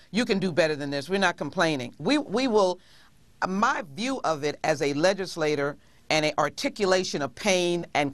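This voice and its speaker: Measured congresswoman, dry close sound. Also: low-pitched, dry recording. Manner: measured, frequent hesitations with "uh". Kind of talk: TV interview guest.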